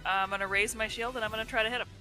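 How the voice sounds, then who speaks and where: Bright woman playing a tabletop game. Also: a little high, fairly even intonation, very fast, faint music behind, poor audio. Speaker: player. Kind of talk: casual tabletop play.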